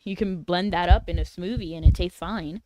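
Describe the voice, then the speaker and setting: A woman's voice: on the low side, normal speed, mellow, no room sound. A young woman chatting casually on a livestream, playful and teasing as she banters with her chat.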